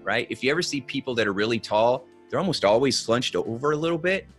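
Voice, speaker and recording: A man's voice: mid-range voice, animated, fast, fairly bright tone, husky, faint music behind. A man giving practical advice in a conversational podcast, coaching the listener and checking in with "okay?" and "right?" as he goes. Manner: coaching, instructive, asks "okay?" and "right?" often. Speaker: guest expert on body language.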